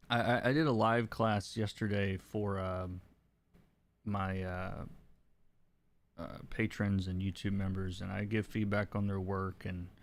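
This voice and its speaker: A man, a comic colorist, chatting casually on a livestream while he works, thinking aloud with many restarts and soft chuckles. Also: fairly low pitch. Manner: chuckles softly between remarks. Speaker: comic book colorist streaming his work.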